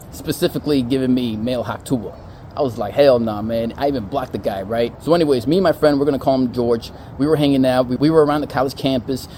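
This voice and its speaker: A man's voice: medium pitch, warm tone, slight background noise. A man telling stories in a casual vlog, in a loose, profane and chatty way. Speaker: storyteller.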